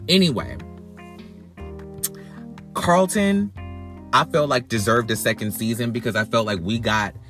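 A man of middle pitch rants bluntly on his podcast, swearing freely and tripping over repeated words as he gets worked up. His talk is casual and animated. Faint music plays underneath. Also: a little slow, pauses often. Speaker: podcast host. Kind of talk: casual reality-TV commentary podcast.

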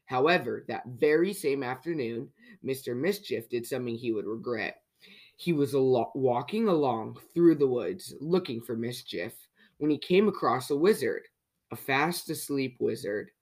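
Kids' podcast host reading a storybook out loud, lively, keeps asking the listener questions. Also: medium pitch, moderate pace. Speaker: children's story reader. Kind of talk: reading a picture book aloud to children.

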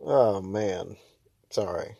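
A young man in a casual vlog rant, talking fast and loose with lots of fillers and restarts. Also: low-pitched, lively intonation, vocal fry, husky, no room sound, highs cut off. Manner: ranting, exasperated, jumps to loud mock shouts.

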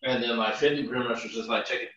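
A man's voice: mid-range voice, fairly even intonation, racing, pushed and bright, recorded from a distance. A man chatting casually, recapping news in laid-back slang. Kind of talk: casual chat. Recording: echoey room, off-mic, dull lo-fi.

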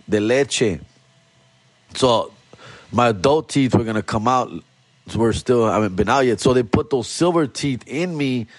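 A man's voice: mid-range voice, no echo. A man hosting a podcast, telling a story casually with street slang and Spanish phrases mixed in. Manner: slangy, mixes in Spanish phrases, repeats "fool" and "dog". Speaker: podcast host.

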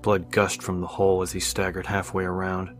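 A man narrating an audiobook in a steady, measured reading. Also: low voice, soft background music.

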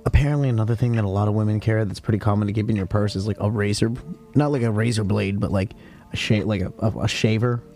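A man's voice: lowish voice, steady tone, fast, mellow, faint music behind. A young man hosting a casual podcast, telling a crude story in a rambling way, full of slang and fillers. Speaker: podcast host.

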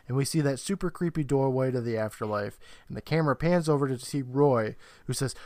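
A man's voice: medium pitch, a little fast, darkish tone, no echo. A man co-hosting a podcast, casually retelling a TV episode and acting out the characters' lines with bursts of laughter. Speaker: podcast co-host. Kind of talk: casual recap chat.

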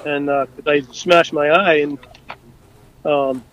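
A man casually telling stories from his time on rescue boats, animated and full of fillers and restarts, acting out what people said. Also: a little high, takes it slowly, rough recording. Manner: animated, acts out quotes, many fillers and restarts. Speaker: guest, former rescue boat crewman. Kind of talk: casual storytelling.

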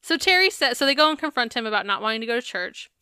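Recapping a reality show on her podcast, this co-host talks at a racing clip in a high-ish, animated, bright voice that's forceful, clear and resonant. She's chatty, swears now and then and laughs through the recap, captured in a dry, clean studio recording.

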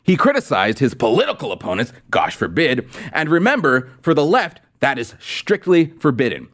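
A man's voice: mid-range voice, huge pitch swings, normal speed, few pauses, fairly bright tone. A man hosting a political commentary show with a sarcastic, mocking manner. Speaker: host. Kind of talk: political commentary with a sponsor read.

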